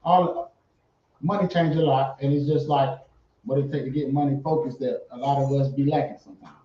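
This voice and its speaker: Man, mellow and fairly high, emphatic casual talker, dull lo-fi roomy mic. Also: a little fast, slight background noise. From Fayetteville, born in Savannah, Georgia. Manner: animated, emphatic, swears freely. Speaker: guest artist. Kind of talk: casual interview chat. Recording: roomy, distant, dull lo-fi sound.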